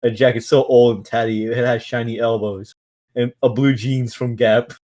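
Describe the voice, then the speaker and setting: A man with a mid-range voice reads a book aloud for a stream. His reading is casual and halting, full of restarts, slips and stifled laughter as he pushes on through the text. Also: medium pitch, little pitch movement, mellow.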